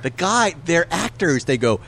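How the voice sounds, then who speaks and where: A man on a podcast, telling stories in a lively, profane way and laughing as he goes. His voice sits a little high for a man. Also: moderate pace, slight background noise. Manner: animated storyteller, profane, laughs often. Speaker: podcast co-host. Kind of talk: casual chat. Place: breakfast nook of a restaurant.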